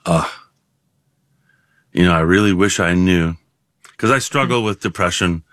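A man in his sixties, a guest in an interview, talking reflectively with many pauses, fillers and restarts. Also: sits low, fairly bright tone, no room sound, clean studio sound. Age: 60s.

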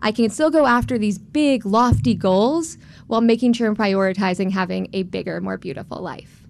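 A woman's voice: mid-range voice, moderate pace, vocal fry, background noise. A woman in her twenties from Florida, telling a personal story in a candid, self-mocking way. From Tampa, Florida.

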